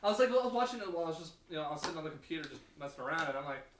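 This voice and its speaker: A man's voice: fairly high pitch, animated, racing. A man chatting casually on a podcast with friends, telling stories in an offhand, mumbling way. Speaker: podcast co-host. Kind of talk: casual chat. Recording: echoey room, far from mic, faint noise.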